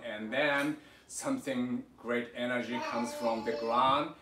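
A man with a Japanese accent leads a livestreamed sword lesson from home. He talks haltingly, with many fillers, coaching and reassuring his students. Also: medium pitch, steady tone, sharp tone. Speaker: sword instructor.

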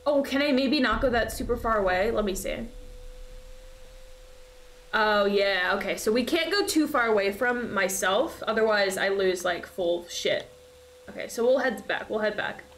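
A young woman streams a horror game with casual commentary, swearing and shrieking with laughter when scared. Her voice is medium-pitched and fairly bright at a moderate pace, recorded in an echoey room with faint noise.

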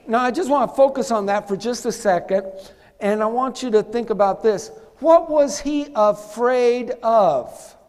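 A man's voice: very high-pitched, measured pace, a little mellow, big-room sound. A man preaching a sermon as pastor, emphatic, calling on the congregation to answer back. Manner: emphatic, calls for congregation responses. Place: church sanctuary.

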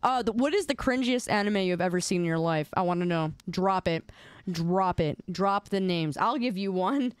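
A young adult woman streamer chatting casually on a live stream, playful and excitable, quick to laugh. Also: on the low side, clear, resonant tone. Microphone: desk microphone.

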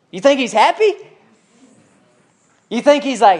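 A man with a fairly high voice teaches a church Bible study. He talks with the group, puts questions to them and leans hard into the scripture he reads aloud. It sounds like a classroom at church. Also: big pitch swings, unhurried, pauses often.

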